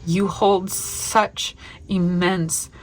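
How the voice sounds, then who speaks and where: A woman's voice: on the low side, level tone, drawn-out words, slight background noise. Tearful, gushing woman tarot reader. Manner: gushing, affirming, heartfelt. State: tearful, emotional. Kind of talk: spiritual tarot reading to camera.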